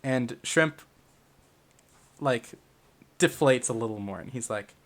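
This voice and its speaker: A man's voice: mid-range voice, slow pace, long pauses. A young man running a tabletop game, narrating in a loose, rambling way full of fillers and swearing. His voice sits in an ordinary middle range. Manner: casual, profane, filler-heavy storytelling. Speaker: game master.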